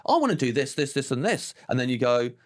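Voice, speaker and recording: Quick and mid-pitched, this guest is a male comedian in his forties having a casual chat. His delivery is lively, with acted-out quotes, frequent laughs, and plenty of "like."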